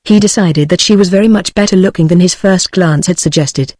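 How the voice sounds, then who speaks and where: A text-to-speech British woman's voice giving scripted audiobook narration with even, synthetic delivery. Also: fairly low pitch, a little fast, dry recording. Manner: evenly read synthetic delivery. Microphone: studio-clean synthetic audio.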